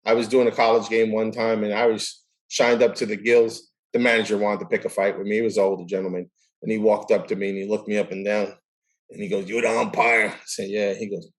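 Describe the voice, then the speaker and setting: A middle-aged man, a guest in a casual chat, tells stories and acts out quoted dialogue in an animated way. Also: lowish voice, fast. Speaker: guest, baseball umpire.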